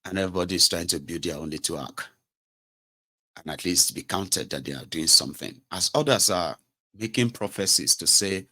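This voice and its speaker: A man's voice: sits low, normal speed, bright, forceful tone. A man with a Nigerian accent giving impassioned political commentary, sarcastic and indignant, slipping into Pidgin and Yoruba phrases.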